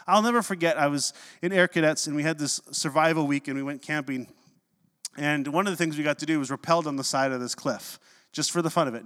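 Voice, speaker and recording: A man preaching a sermon, telling stories with animated delivery and dropping low and slow for scripture quotes. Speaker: pastor. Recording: long reverb of a hall.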